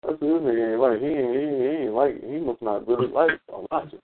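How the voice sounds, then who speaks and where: A man's voice: medium pitch, fast, noisy background. A man talking casually on a radio show, rambling and profane, often hunting for his words. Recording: tinny phone line.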